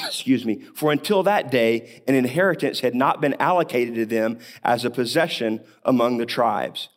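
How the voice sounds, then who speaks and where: A man's voice: medium pitch, normal speed. A man preaching a sermon, talking through a Bible passage in a conversational way with rhetorical questions, coughing now and then. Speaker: pastor.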